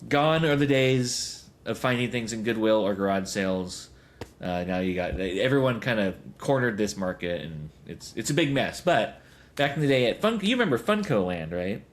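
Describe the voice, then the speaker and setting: Man in his 30s, podcast host, lowish voice, meandering anecdotes with lots of ums and laughs. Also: lively intonation, moderate pace. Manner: rambling storytelling with many fillers and chuckles. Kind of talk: casual podcast chat.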